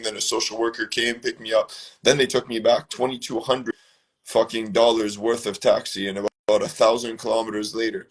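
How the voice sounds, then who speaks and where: Husky low-voiced man telling a story. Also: a little fast. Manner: rambling, profane, animated storytelling. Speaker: show host. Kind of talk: casual storytelling chat. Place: his own room.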